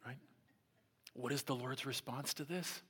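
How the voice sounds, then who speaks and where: A male pastor preaches a sermon, telling a Bible story that swings dramatically from loud, taunting lines to hushed, near-whispered ones. His voice is medium-pitched and steady with a breathy edge, delivered at a measured pace.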